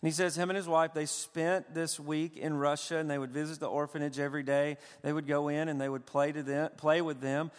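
A man preaching a sermon, moving from hushed storytelling to impassioned crying out. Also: fairly high pitch, clear, resonant tone, in a large hall. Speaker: pastor.

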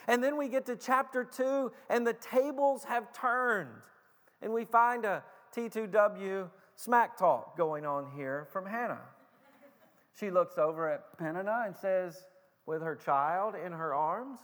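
Male pastor preaching, high-pitched, unhurried, emphatic with stumbling restarts; big hall reverb. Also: a bit bright. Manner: emphatic preaching with repeated stutters and slowed, stressed phrases. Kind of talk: sermon.

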